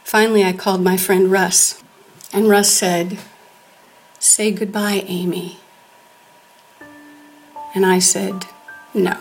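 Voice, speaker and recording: A woman's voice: mid-range voice, flat delivery, a little slow, creaky, faint music behind. A woman telling a grave personal story in an earnest way, sometimes dropping almost to a whisper. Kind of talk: personal storytelling before an audience.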